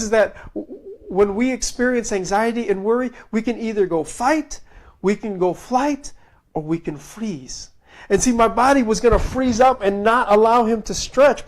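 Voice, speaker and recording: A male preacher delivering a sermon, telling stories with animated swings between loud and hushed, and reading scripture in slow, drawn-out phrases. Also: high voice.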